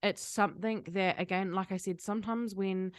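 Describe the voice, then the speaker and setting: A woman's voice: mid-range voice, fairly even intonation, moderate pace, smooth, dry recording, clean studio sound. A young woman co-hosting a podcast in casual chat, swearing and restarting her sentences. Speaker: podcast co-host.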